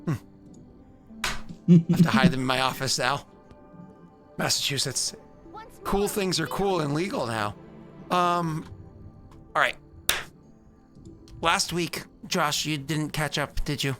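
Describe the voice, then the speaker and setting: A man's voice: fairly high pitch, slow pace, pauses often, music in the background. A man hosting a tabletop game stream, chatting casually and rambling with lots of fillers. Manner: rambling, many fillers and restarts. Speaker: stream host. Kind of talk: casual pre-game chat.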